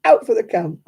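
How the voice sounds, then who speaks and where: Older lady chatting on a craft stream, husky, very mellow dark tone, keeps laughing thru her stories. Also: a little high. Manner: chatty anecdotal storyteller, laughs often. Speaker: crafting livestream host. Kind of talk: casual chat.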